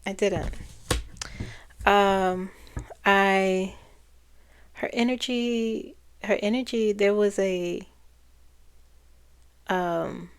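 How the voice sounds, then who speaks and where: Woman psychic, unhurried casual monologue, rambling and self-correcting. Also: medium pitch, fairly even intonation, clean tone. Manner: rambling, trailing off and restarting phrases. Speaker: psychic channeler.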